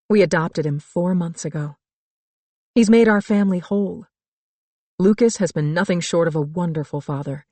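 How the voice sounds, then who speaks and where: A middle-aged woman narrating a first-person thriller audiobook in a calm, reflective storytelling manner. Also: low-pitched, no room sound. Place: dry studio booth.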